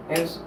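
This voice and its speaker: A man hosting a casual livestream from home, reading chat while he eats and rambles in an apologetic way, swearing here and there. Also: heavy background noise.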